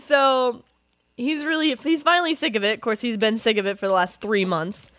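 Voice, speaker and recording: A woman's voice: fairly high pitch, steady tone, moderate pace, a bit bright, no echo. Blunt young woman co-hosting a chat show. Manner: blunt, laughing asides. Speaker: podcast co-host. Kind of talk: casual chat.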